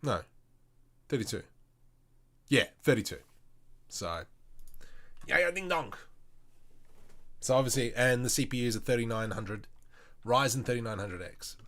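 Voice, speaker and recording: An Australian man live-streaming his 3D work, chatting with viewers and thinking aloud as he works. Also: mid-range voice. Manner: chatty, thinks aloud, mutters while working. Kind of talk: casual live-stream tutorial.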